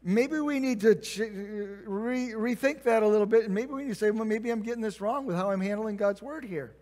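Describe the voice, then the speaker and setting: A man's voice: sits high, normal speed, darkish tone. A man preaching a conversational sermon, acting out quoted prayers and replies. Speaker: pastor. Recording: long reverb of a church hall.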